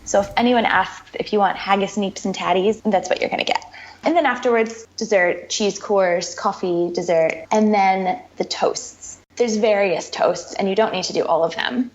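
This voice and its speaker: A woman's voice: medium pitch, normal speed. A woman guest in a casual interview, explaining things in a chatty way with frequent repeats. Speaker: podcast guest. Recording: dull lo-fi sound.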